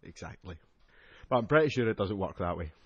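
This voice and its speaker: A man's voice: low voice, animated, a little fast, breathy edge, dull audio. A man with a Scottish accent co-hosting a wrestling podcast, bringing up news stories with dry, sarcastic, sweary humour. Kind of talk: casual banter, reading news.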